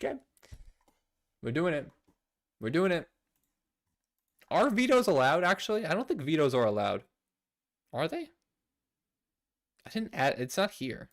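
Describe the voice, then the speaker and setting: Young male streamer, animated and high-pitched, reacting to viewer chat with mock outrage. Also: a little slow, pauses often. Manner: animated, laughing often, playfully indignant. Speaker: streamer reading viewer messages. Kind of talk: casual livestream chat.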